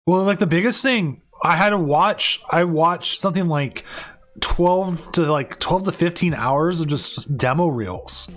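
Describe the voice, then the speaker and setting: A man's voice: a little high, measured pace, a bit bright. A man hosting and casting a live tournament stream, talking casually and rambling with many restarts and fillers. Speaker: tournament stream host and caster.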